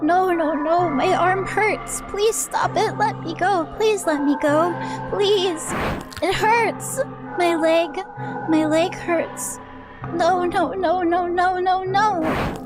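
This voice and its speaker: A woman's voice: very high-pitched, slow. A woman voicing a terrified, broken young girl who begs for help and repeats herself in panic, with game music behind. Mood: desperate pleading. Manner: pleading, repeating words in panic.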